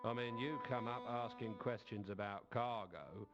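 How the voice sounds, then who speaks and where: A man's voice: mid-range voice, measured pace. An actor playing a suspicious, sardonic city watchman in a video game. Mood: wary. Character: skeptical cynical male city watchman. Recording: dull lo-fi game audio with clear music.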